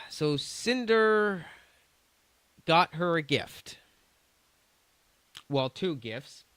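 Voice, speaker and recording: A man's voice: fairly high pitch, expressive, drawn-out words, a bit bright, smooth, dry recording. A man streaming, reading chat messages aloud in a casual, stumbling way with restarts and swearing.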